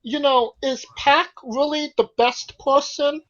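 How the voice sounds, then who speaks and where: High-pitched woman arguing on a podcast, kinda muffled lo-fi sound. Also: fairly even intonation, slow pace, fairly bright tone. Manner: questioning, pushes back in debate. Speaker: podcast co-host. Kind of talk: casual podcast chat.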